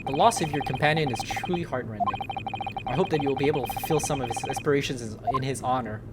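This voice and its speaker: A woman doing a showy gentleman detective. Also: very deep voice, very noisy. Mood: grandly polite. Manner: grand, theatrical, drawn-out phrasing. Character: showy, teasing English gentleman detective, male. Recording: loud game music underneath.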